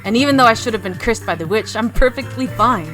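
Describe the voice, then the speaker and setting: A woman's voice: fairly high pitch, expressive, fast, over music, close to an everyday voice. A woman voicing a stubborn, skeptical teenage boy in a blunt, defiant way while reading a visual novel aloud.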